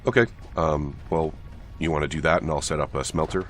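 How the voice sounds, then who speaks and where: A man co-playing on a livestream, relaxed and practical as he directs the building. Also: very deep voice, brisk, slight background noise. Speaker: guest co-player. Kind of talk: casual gaming livestream chat.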